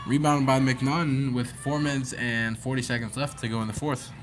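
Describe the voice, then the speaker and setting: A man's voice: mid-range voice, flat delivery, moderate pace. A young man doing easygoing, slightly unpolished play-by-play commentary for a school basketball game. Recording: noisy gym ambience behind.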